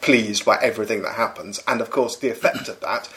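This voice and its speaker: A man's voice: fairly low pitch, a little fast, bright, forceful tone, poor audio. A middle-aged man, a comedy writer, talking thoughtfully and analytically in an interview, laughing often. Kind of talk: conversational interview.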